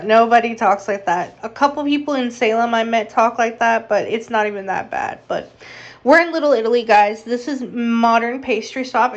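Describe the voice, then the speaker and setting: A woman talks through her travel vlog in a chatty, upbeat way, tossing in playful asides. Her voice sits a little higher than most. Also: highs cut off. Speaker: vlogger. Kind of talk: casual travel vlog narration.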